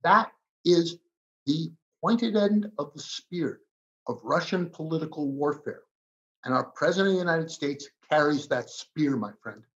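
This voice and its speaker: Emphatic man with a lively voice. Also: a little high. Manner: emphatic, insistent, dramatic pauses. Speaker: guest commentator. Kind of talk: heated political debate. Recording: slightly dull lo-fi audio.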